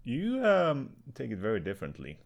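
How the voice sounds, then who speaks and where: A young Swedish man co-hosting a podcast in casual chat, deadpan and often swearing. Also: medium pitch, normal speed, vocal fry. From Sweden. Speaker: podcast co-host.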